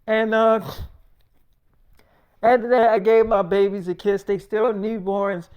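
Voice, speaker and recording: A man chats through a long, rambling story in a relaxed, offhand way. He keeps it casual and profane, full of fillers and quick asides. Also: high voice, clean tone, lo-fi sound. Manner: loose, profane, laughing, lots of fillers. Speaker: vlogger telling a story.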